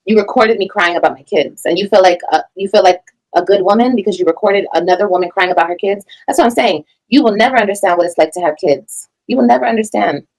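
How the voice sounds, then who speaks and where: Fast-talking blunt woman streamer. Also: mid-range voice, a little mellow, poor audio. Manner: blunt, profane and emphatic. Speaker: reaction streamer. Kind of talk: heated reaction commentary.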